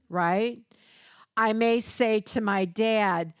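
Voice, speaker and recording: A woman's voice: medium pitch, slow, clean tone, no echo, studio quality. An older woman presenting a caregiving workshop, teaching through stories and acting out the people she quotes. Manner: storytelling, acts out quoted voices.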